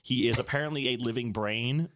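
A man's voice: mid-range voice, brisk, fairly bright tone. A man on a podcast chatting casually, rambling and laughing often as he explains things. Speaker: podcast co-host. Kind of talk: casual chat.

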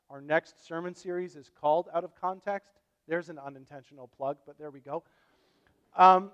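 A man preaching a sermon as pastor, conversational and animated, with casual asides to the congregation. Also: sits high. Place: church. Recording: long reverb of a church hall.

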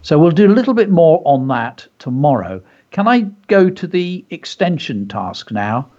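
This teacher-turned-radio-host's voice runs on the high side, very animated at a moderate pace, with a darkish tone. He reads his story to children during a radio lesson, adding eager, conversational comments along the way, and the recording comes through as dull lo-fi radio sound.

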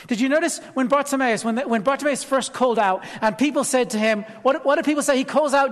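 Male preacher, conversational sermon, rhetorical questions, loud then hushed, long hall reverb. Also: very high-pitched, lively intonation, a little fast.

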